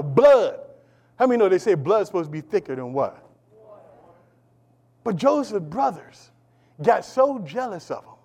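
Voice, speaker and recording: High-voiced preacher calling out to his church. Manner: preaching with call-and-response, swings between shouting and near-whisper. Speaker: pastor. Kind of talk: sermon.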